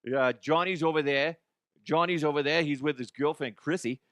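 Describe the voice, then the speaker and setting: A man voicing a loud, profane Boston working man giving orders, with a put-on Boston accent. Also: on the high side, moderate pace, dry recording, lightly acted. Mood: brash. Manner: brash, profane, shouting orders.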